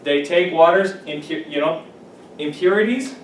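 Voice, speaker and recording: A man's voice: a little high, normal speed. Teacher man in an echoey classroom. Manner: explains words, then repeats and checks them with the class. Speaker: English teacher. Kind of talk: classroom vocabulary lesson. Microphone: camera at a distance. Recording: echoey classroom from far off with faint hiss.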